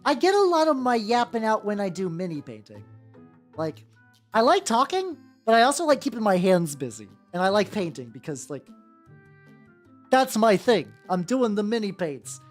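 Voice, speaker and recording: A woman's voice: medium pitch, big pitch swings, moderate pace. A woman streamer chatting casually and rambling while she paints miniatures, joking at her own expense. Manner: rambling, self-deprecating. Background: faint background music.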